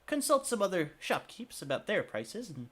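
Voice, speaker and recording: A man's voice: sits high, normal speed, husky, voice pushed up, heavily acted. A man voicing a small, friendly male shopkeeper who is an eager salesman with a chirpy manner. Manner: chirpy, eager, rising excitement.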